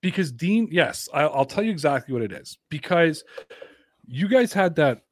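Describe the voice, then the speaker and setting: A man telling stories as a podcast guest in casual chat, animated, swearing often and laughing a lot. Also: fairly high pitch, normal speed, no echo.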